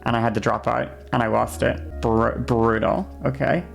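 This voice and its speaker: Gravelly-voiced young woman ranting heatedly. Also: very deep voice, fairly even intonation, normal speed, faint music behind. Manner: heated ranting storyteller, swears, keeps checking in with okay. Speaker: streamer. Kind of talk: casual stream chat.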